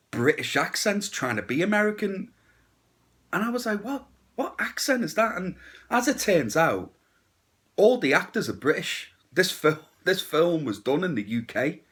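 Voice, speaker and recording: Man, casual horror movie review, blunt and crude, sarcastic, lively up-and-down pitch.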